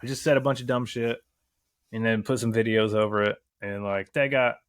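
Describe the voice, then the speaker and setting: A man's voice: fairly low pitch, steady tone, a little fast, no room sound, studio quality. A man talking as a podcast guest in a casual chat, rambling and swearing a lot, often slipping into voices to act out quotes. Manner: rambling and heavily profane; acts out quotes in a voice.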